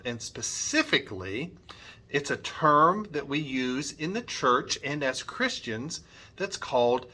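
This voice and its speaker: A man's voice: medium pitch, sharp tone. A middle-aged man leading a children's church music lesson, upbeat and coaxing, modelling sounds for the kids.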